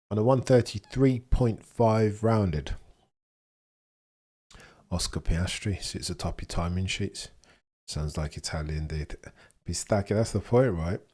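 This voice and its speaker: Low husky man chatting casually. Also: darkish tone. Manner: chatty, jokey, laughs often, mutters asides. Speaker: livestream host. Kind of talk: casual livestream chat reading comments.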